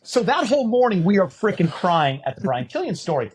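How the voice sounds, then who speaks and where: A middle-aged man from California on a podcast, telling a story in casual chat and getting loud at the punchlines. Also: high voice, very animated, a little fast, slight background noise. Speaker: podcast co-host.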